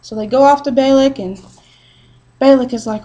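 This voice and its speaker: A woman's voice: high-pitched, fairly even intonation, measured pace, mellow, rough recording. A woman teaching a Bible story to a group in a chatty, casual way, full of fillers and "he's like".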